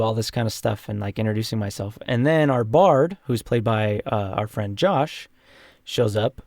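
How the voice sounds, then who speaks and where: A man's voice: lowish voice, lively intonation, normal speed, a little mellow, no echo, studio quality. A young man co-hosting a casual podcast, recapping a tabletop campaign in a rambling way with many fillers. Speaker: podcast co-host and player.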